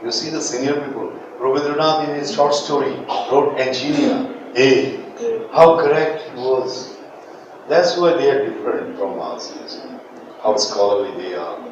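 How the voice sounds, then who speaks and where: A Bangladeshi man whose first language is Bengali, teaching English pronunciation in a classroom, modelling words with lively jokes and laughter. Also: mid-range voice, moderate pace, dull audio. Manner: animated, joking, laughs often, models words for students. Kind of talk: classroom lecture with repeat-after-me drills. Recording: echoey classroom, distant mic, background noise.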